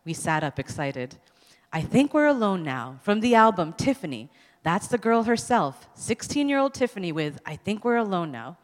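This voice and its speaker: Woman author, live story reading, animated pitch, long hall reverb. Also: moderate pace. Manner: expressive, amused, laughs between lines. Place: public event hall.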